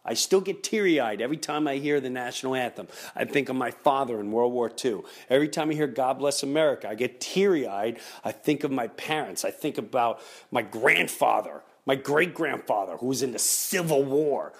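Man, middle-aged, podcast host, comedic rant, lively swooping pitch, does voices of other people. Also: moderate pace, few pauses, husky.

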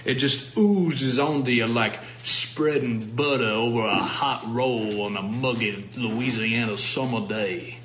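A man's voice: medium pitch, fairly bright tone. A man putting on a syrupy Southern drawl. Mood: folksy. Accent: put-on Southern US drawl. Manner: folksy, flowery, drawn-out. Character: man faking a thick syrupy Southern drawl, folksy and flowery. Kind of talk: comedy sketch impression. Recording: echoey room with faint noise.

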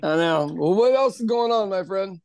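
Animated man about sixty telling stories. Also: high-pitched, normal speed, slight background noise. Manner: animated storyteller, laughs often. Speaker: podcast co-host, pub owner. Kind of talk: casual chat.

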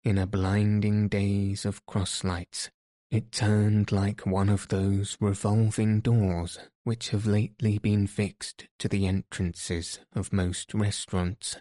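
Low slow guy reading a classic novel, dry close sound. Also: no echo. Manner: slow, even, measured reading. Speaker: audiobook narrator. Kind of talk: scripted narration.

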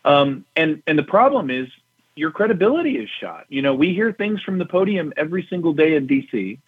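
Middle-aged retired general, husky voice, calm emphatic talk, heard over a narrow phone line. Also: male voice, a little high, a little fast, no room sound. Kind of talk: political talk show interview.

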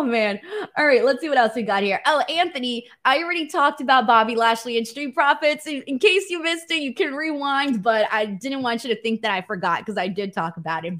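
A young woman hosting a wrestling post-show, chatting casually and reading viewer comments, excitable and laughing often. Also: a little high. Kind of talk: casual solo commentary reading live chat.

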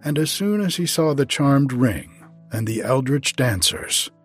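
A man narrating a storybook in a slow, measured way with old-fashioned phrasing. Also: medium pitch, expressive, husky, faint music behind. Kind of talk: storybook reading.

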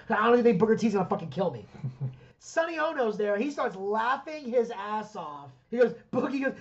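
A man's voice: high voice, fairly quick, muffled recording. A man hosting a podcast, telling stories in casual chat, acting out other people's lines and swearing freely. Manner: animated storyteller who acts out quotes, swears freely. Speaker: podcast co-host.

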